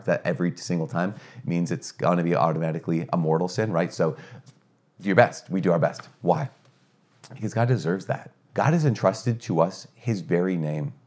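A middle-aged man, a priest, giving a conversational teaching, earnest and energetic with rhetorical questions and frequent restarts. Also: sits low.

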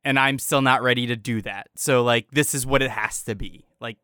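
Smooth-voiced podcast host, dry sound. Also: medium pitch, steady tone, moderate pace, no room sound. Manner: gentle, thoughtful, paraphrasing the guest. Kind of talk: interviewer reflecting back.

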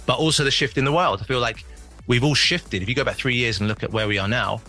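Fast-talking bright-voiced male guest. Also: mid-range voice, faint music behind. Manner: rambling, reflective, many restarts. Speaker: guest musician. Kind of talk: casual interview chat.

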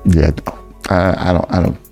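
A fairly low-voiced man hosts a laid-back true-crime podcast. He gives blunt, opinionated takes, swears freely and teases his co-host. Faint music sits under the talk. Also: fairly even intonation, normal speed, dark tone. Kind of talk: casual true-crime chat.

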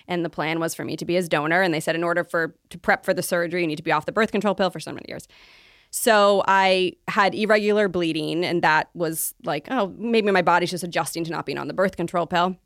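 A woman in her thirties shares her story on a casual podcast in an open, upbeat manner. Her voice is smooth and clear, a little low for a woman. It sits close and dry on the mic. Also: fairly bright tone, dry recording. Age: 30s. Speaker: guest. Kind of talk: casual interview chat.

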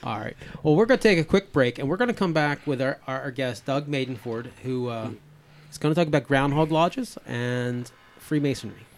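A man's voice: medium pitch, expressive, normal speed. A man in his fifties hosting a podcast, rambling casually with many restarts. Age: 50s. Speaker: podcast host. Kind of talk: casual chat.

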